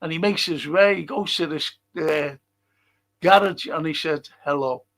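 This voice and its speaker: An older man hosts a livestream, his voice on the high side, a bit bright, with vocal fry and a measured pace. He rambles casually, reading out viewer comments while swearing and chuckling often.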